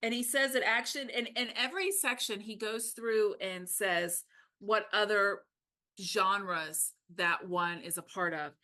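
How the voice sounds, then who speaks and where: A woman co-hosting a podcast, talking casually and animatedly about a book, with quick asides. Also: mid-range voice, bright, forceful tone. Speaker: podcast co-host.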